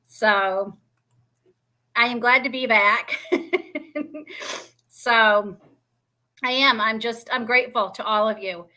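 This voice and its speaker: A woman's voice: on the high side, steady tone, takes it slowly, pauses often, bright, forceful tone. A woman, hosting a live stream from indoors by a fireplace, talking to viewers in an emotional, grateful, rambling way with many fillers. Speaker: homestead channel host. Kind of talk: casual livestream chat to viewers.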